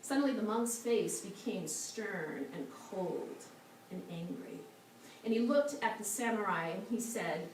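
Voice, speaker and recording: A woman minister giving a storytelling sermon in a church, soft and slow at times. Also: medium pitch, lively intonation. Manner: soft, slow and meditative at moments. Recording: echoey hall from a far mic, faint noise.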